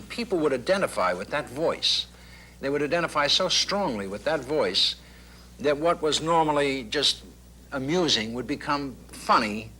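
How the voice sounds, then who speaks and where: A middle-aged man with a very bright, sharp voice recounts his career as a comedian, thoughtful and anecdotal. Faint hiss and hum sit under him, as on an old broadcast tape. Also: mid-range voice. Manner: thoughtful, anecdotal, with clipped impressions. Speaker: comedian guest. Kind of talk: talk show interview.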